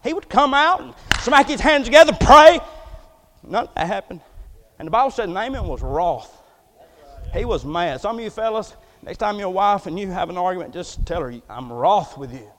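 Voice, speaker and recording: Male pastor, folksy preacher, very high voice, long hall reverb. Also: sing-song, brisk. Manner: folksy, joking, swings from soft asides to loud preaching. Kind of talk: sermon.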